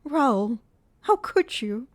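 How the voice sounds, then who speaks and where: A woman voicing a sorrowful young female opera singer with a high, grave, despairing voice in an audiobook reading. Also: big pitch swings, drawn-out words, full character voice. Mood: pained.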